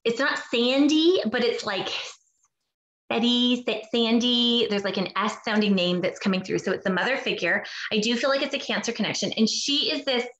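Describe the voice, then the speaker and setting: Woman medium on a video call; bright, halting delivery with lots of fillers. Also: fairly high pitch, lo-fi sound. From Canada. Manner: halting, searching, full of fillers. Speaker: psychic medium. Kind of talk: live online group reading. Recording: echoey room on a video call.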